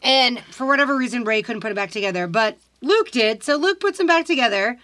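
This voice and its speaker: A woman co-hosting a podcast in casual chat, recapping a movie plot quickly and acting out the characters' lines. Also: on the high side, lively intonation, bright, forceful tone. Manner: rapid retelling, acts out lines from the scenes. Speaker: podcast co-host.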